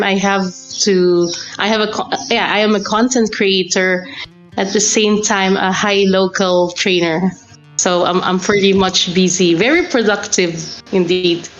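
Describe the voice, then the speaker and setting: A woman's voice: mid-range voice, lo-fi sound. A woman who teaches and creates content, a friendly, enthusiastic podcast guest on online voice chat. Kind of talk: casual chat.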